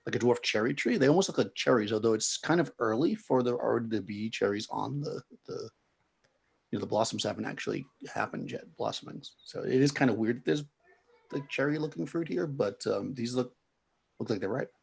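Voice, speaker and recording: A man's voice: medium pitch, lively intonation, brisk, vocal fry, slightly rough. A man narrating a tabletop game as game master, rambling descriptions with many restarts. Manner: rambling, full of fillers and restarts.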